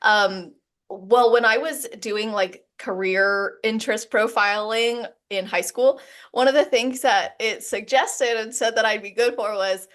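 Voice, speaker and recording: A woman's voice: fairly high pitch, fairly even intonation, a little slow, a bit bright. A woman hosting a podcast interview, effusive and laughing often as she talks. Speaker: podcast host. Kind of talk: casual interview chat.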